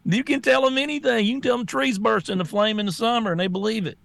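Gravelly, scornful male co-host. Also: very high voice, quick pace, a bit bright, dry recording. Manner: blunt, scornful, laughs often. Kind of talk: casual talk-show banter.

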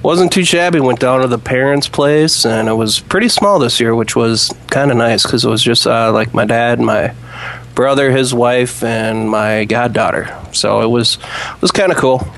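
A man's voice: medium pitch, moderate pace, a bit bright. A man calling in to a podcast, laid-back and easygoing in casual chat. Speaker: caller.

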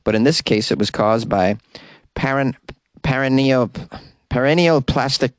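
A man's voice: mid-range voice, a little slow, no room sound. A man hosting a podcast, casually reading odd news stories and stumbling over hard words. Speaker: podcast host.

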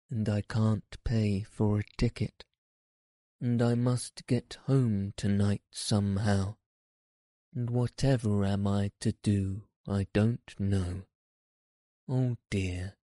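A man's voice: on the low side, fairly even intonation, slow, mellow, no echo, clean studio sound. A man playing a wailing toad posing as washerwoman. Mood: tearful pleading. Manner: sobbing, pleading, self-pitying. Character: boastful male toad disguised as washerwoman, wailing.

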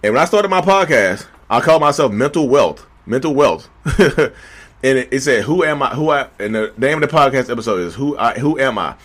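A man's voice: mid-range voice, a little fast. Breathless man vlogging to camera. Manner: animated, repeats himself, addresses viewers as y'all. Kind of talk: casual talk to camera. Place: at a standing desk indoors.

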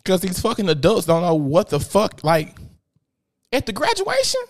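Animated, profane man chatting. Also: moderate pace. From Memphis, Tennessee. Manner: animated, profane storytelling with sudden high-pitched outbursts. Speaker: podcast host. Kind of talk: casual profane chat.

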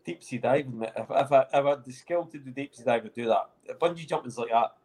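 A man's voice: mid-range voice, a little mellow, breathy edge. A Scottish man, a podcast host, bantering and joking in casual chat. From Scotland. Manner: joking, banter-heavy, drawn-out mock sighs.

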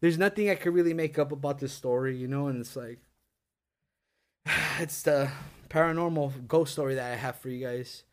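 A man's voice: fairly high pitch, normal speed. A middle-aged man telling a spooky story on a podcast, rambling and swearing, full of likes and dudes. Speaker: podcast co-host. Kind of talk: casual storytelling among friends. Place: indoor podcast setup.

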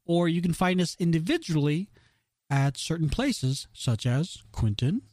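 A man with a slightly high voice chats casually as a podcast co-host. He tells stories with frequent restarts and animated impressions of other people. His voice is dry and close to the mic, with no room around it. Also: measured pace, no echo. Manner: chatty storyteller, many restarts, animated quoted voices.

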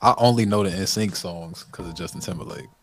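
Deep-voiced, fast-talking wisecracking man. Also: fairly bright tone, faint music behind. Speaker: co-host. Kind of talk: casual studio banter. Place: radio-style studio.

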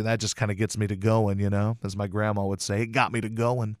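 A man's voice: fairly low pitch, steady tone, fast talker, few pauses, no echo, clean studio sound. Rambling self-deprecating male radio host. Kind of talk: casual storytelling monologue. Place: radio station studio.

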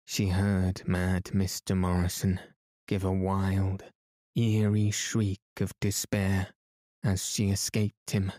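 Slow, soothing male bedtime reader. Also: low voice, completely flat delivery, darkish tone, dry recording, studio quality. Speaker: sleep story narrator. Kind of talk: calm bedtime story reading.

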